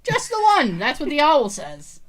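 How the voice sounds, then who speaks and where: With a high-pitched voice at a moderate pace, a woman co-hosting a podcast tells stories in easygoing talk. She's a lively storyteller who laughs frequently and swears freely.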